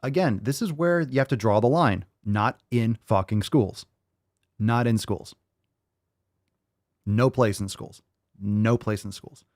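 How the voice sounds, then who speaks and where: A man's voice: on the low side, slow, long pauses, darkish tone, no echo, studio quality. Blunt, profane man mocking clips. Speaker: host reacting to clips. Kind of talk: casual reaction commentary.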